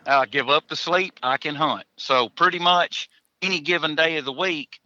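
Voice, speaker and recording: A man's voice: on the high side, unhurried, sharp tone, no room sound, muffled recording. A man, a hunter chatting as a podcast guest in a folksy, joking way, chuckling between answers. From Tennessee, USA. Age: 40s. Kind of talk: casual podcast interview.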